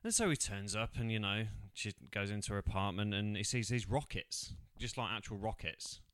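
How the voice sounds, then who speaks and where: A man in casual podcast chat, retelling film scenes with quick put-on voices. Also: fairly low pitch, expressive, fairly bright tone, clean tone, dry recording. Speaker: podcast co-host.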